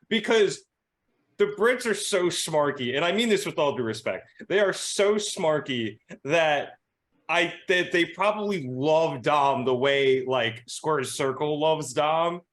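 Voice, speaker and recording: A young man co-hosting a wrestling podcast in casual chat, excitable and quick to laugh, often restarting his sentences. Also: fairly high pitch.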